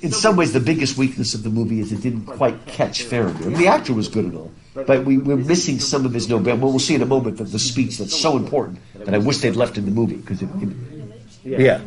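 A male literature professor giving a classroom lecture, lively and laughing, reading passages aloud with animated voices. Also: medium pitch, fast, a crowd in the background. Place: classroom with students. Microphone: masked, recording his class.

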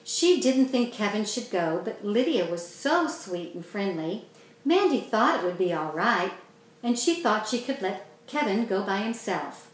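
A woman author reading her children's story aloud in a steady, clear way. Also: mid-range voice, measured pace. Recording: very echoey room.

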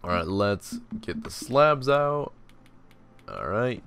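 A man's voice: lowish voice, very animated, slow pace, creaky, background noise. A young man casually narrating his block-building game, rambling and self-deprecating, tired and yawning. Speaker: gaming channel host. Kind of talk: casual Let's Play commentary.

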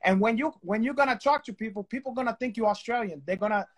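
Guy cohosting, loud jokey swearing, lots of stumbles. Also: sits high. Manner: profane, loud, joking, halting restarts. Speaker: co-host. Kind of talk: comedic casual chat.

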